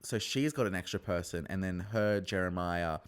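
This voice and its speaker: A man giving a casual, chatty episode review, acting out the contestants with sudden high-pitched squeals. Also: normal speed, clear, resonant tone. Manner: chatty, animated, jumps into high squeals when excited. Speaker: reality TV recap host.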